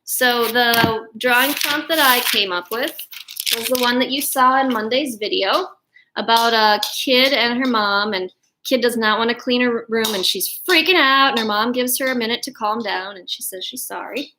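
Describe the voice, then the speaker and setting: A woman's voice: fairly high pitch, normal speed, background noise. A woman hosting a family show for children, cheerful and chatty as she shows their drawings. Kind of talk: presenting a kids' show.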